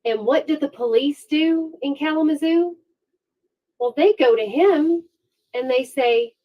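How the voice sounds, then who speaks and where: A woman's voice: sits high, unhurried, lo-fi sound. Sarcastic woman hosting a true-crime stream. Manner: sarcastic, animated storytelling. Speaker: true-crime livestream host. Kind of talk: casual true-crime commentary.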